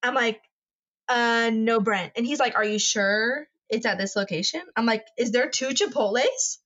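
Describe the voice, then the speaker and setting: Profane, animated woman storyteller. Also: fairly high pitch, normal speed. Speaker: podcast co-host. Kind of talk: casual chat. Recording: dull lo-fi recording.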